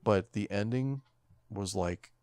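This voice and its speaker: A man's voice: lowish voice, slow pace, a little mellow, clear, resonant tone, no room sound. A man co-hosting a podcast, agreeing and adding sarcastic, profane comments in casual chat about a movie. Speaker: podcast co-host.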